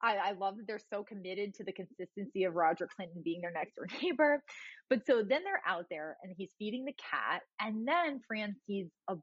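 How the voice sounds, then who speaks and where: A woman's voice: mid-range voice, expressive, normal speed, slightly rough, dry recording. A woman co-hosting a podcast, chatting casually as she recaps a TV episode, laughing often and acting out the lines she retells. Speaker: podcast co-host. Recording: dull, dry sound.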